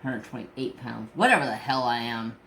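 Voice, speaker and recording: A craft channel host chatting casually, telling a profane story and acting out everyone's lines. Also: male voice, medium pitch, moderate pace, a little hiss or hum. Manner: profane, animated storytelling that acts out voices. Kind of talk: casual chat.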